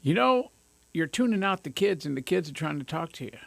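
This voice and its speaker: Gravelly, bright-voiced high-energy radio host man. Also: sing-song, brisk, no echo. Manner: high-energy, jokey, self-amused. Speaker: radio talk show host. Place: radio studio. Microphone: studio microphone.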